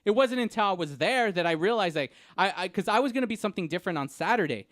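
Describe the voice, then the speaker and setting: A man co-hosting a podcast in casual chat, telling stories in an excitable, rambling way. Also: sits high, fast, dry recording, clean studio sound. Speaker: podcast co-host.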